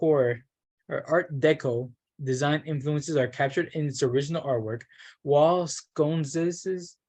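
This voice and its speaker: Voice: mid-range voice, a little mellow. A workshop participant reads a travel brochure aloud, stumbling now and then and breaking off for self-mocking asides.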